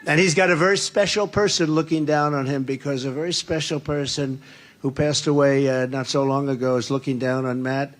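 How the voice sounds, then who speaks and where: A man's voice: mid-range voice, gravelly. An older man giving a campaign rally speech, rambling and boastful, often repeating his phrases. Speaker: political speaker at a rally. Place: large indoor rally room.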